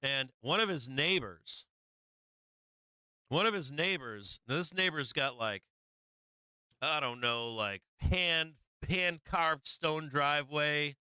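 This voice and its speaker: A man with a piercing, bright voice and a smooth, clean tone tells a long story in a loose, rambling way. He swears freely, trips over his own words, and keeps circling back before getting to the point. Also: a little high, takes it slowly, no echo. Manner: rambling, profane, repeats himself, chuckles often. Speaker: live-stream market show host. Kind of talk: casual anecdote telling.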